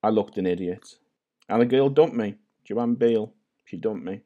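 North welsh guy in his 40s, kinda scouse sounding, lowish voice, chatty and self-deprecating on a video call. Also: normal speed, dark tone, dull audio. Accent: North Welsh with a Scouse-like twang. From North Wales. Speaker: podcast guest. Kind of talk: casual chat.

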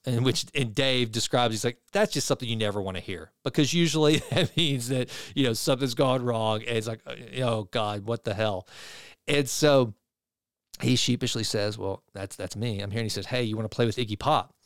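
Smooth-voiced male talk show host. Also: medium pitch, dry recording, clean studio sound. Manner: animated, conversational, retells a story with quoted voices. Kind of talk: casual storytelling monologue.

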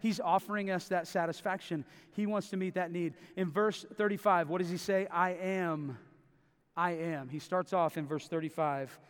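A man's voice: high-pitched, fairly even intonation, normal speed, clear, resonant tone. A man preaching a sermon, emphatic and repeating phrases for stress. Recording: long reverb of a large hall.

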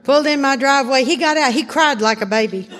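Woman workshop speaker, high voice, animated laughing storyteller, reverberant hall. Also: quick pace. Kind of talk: storytelling talk to a live audience. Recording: hall reverb, faint noise.

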